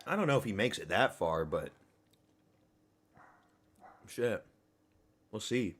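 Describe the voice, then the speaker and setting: A man reacting live to a fight at a watch party, excitable and profane, erupting into shouts. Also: lowish voice, slow, slightly rough.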